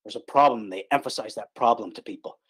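A man's voice: lowish voice, quick pace, fairly bright tone, husky. A man preaching an online gospel sermon in an earnest, emphatic way, repeating his key words for stress. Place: online call.

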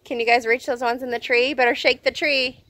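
A woman's voice: high voice, fairly even intonation, a little fast, a bit bright. A woman filming children at an outdoor egg hunt, cheerful and coaxing, urging them on and warning them off her plants. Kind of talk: casual family vlog chat. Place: outdoors in a yard.

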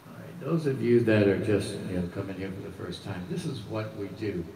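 A man's voice: fairly low pitch, brisk, creaky, dark tone. A middle-aged man with a Boston accent, hosting a casual live music stream in a rambling, joking way. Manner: rambling, joking, loose and chatty. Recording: echoey room, distant mic, faint noise.

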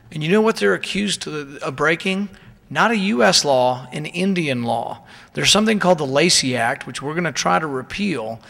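A man delivers a political speech from a podium microphone, indignant and driving his points home with rhetorical questions. His voice sits fairly high and has a bright, forceful edge. It rings out with the long reverb of a large conference hall. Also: creaky.

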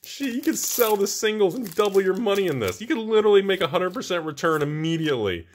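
A male host giving casual, excitable, joking commentary while opening card packs. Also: sits high, fast. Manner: excitable, exclaiming, jokey.

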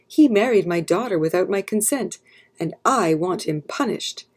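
Woman voicing angry old senator, shouting, snarling, husky, children's storybook. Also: fairly low pitch, lively intonation, moderate pace. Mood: furious.

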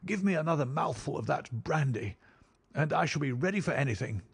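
A terrified young nobleman from a storybook, breathless and pleading, as a male narrator puts him on. His voice rises high above the reader's own and takes on a thin, unfamiliar tone. He sounds barely able to hold himself together. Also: animated, fairly quick, vocal fry, breathy edge, dry recording, full character voice. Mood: recovering. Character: shaken, terrified young nobleman just rescued.

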